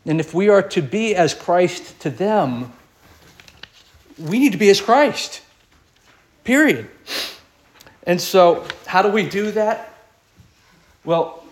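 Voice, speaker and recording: Male preacher, somewhat high voice, earnest sermon with rhetorical questions. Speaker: pastor.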